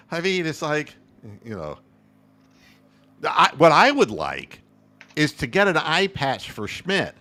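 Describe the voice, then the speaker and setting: A man's voice: a little high, huge pitch swings, slow pace, pauses often, sharp tone. A man co-hosting a postgame sports show, rambling and joking crudely about his team's loss. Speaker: co-host. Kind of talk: casual sports banter.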